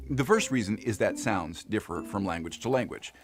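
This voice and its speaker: A man narrating an educational explainer clip in a clear, engaging scripted style. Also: fairly low pitch, animated, fairly quick, hardly any pauses. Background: background music.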